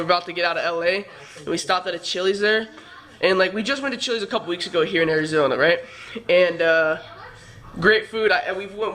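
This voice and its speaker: A young man telling a story in a casual vlog, animated, swearing freely and acting out heated arguments while he sounds tired. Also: sits high. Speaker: vlogger.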